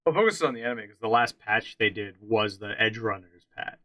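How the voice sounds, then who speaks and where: This central Pennsylvania podcast co-host banters about games, offering strong opinions and frequently starting over. He speaks briskly and expressively in a lowish voice, and the recording is dry and muffled.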